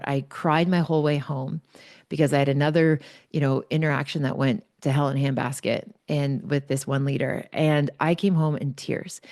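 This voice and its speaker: A woman in her forties hosts her podcast and tells a personal story in a candid, chatty way, full of fillers and asides. Her voice sits low with a gravelly fry. The sound is dry and close. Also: darkish tone, no room sound. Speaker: podcast host.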